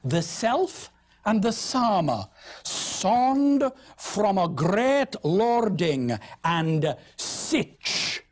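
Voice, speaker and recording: A woman's voice: mid-range voice, sing-song, darkish tone, heavily acted. Mac, a woman reading as a pompous sheep thief playing lord. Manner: slow, affected, pompous Middle English reading. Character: deceitful male sheep thief posing as a lordly southerner.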